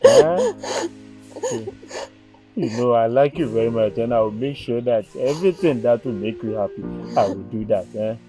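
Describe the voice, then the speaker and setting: A man's voice: medium pitch, huge pitch swings. An actor playing a fawning male teacher who coaxes a crying schoolgirl, drawing out his words and ending lines with a pleading "eh". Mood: coaxing. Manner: coaxing, drawn-out, tag "eh" on lines. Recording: music bed behind the voice.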